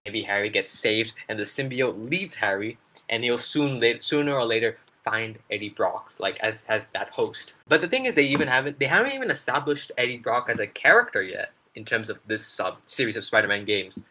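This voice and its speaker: An enthusiastic man co-hosts a relaxed gaming chat. His voice is bright and eager, and he talks with excited fan energy. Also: medium pitch, fairly quick. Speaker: gaming channel co-host.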